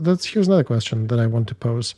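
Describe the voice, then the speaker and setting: A man discussing war news in a measured, analytical way, speaking bluntly. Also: medium pitch, expressive, warm tone.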